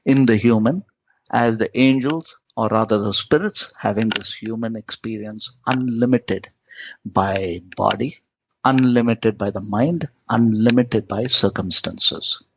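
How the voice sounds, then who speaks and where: A middle-aged man teaches as a podcast guest, his voice climbing on emphatic questions and then dropping to slow, hushed phrases. The recording is muffled and lo-fi, with a dry, close sound and no room echo. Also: on the low side, gravelly, breathy edge. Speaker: yogi and spiritual teacher, guest. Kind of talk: podcast interview, spiritual teaching.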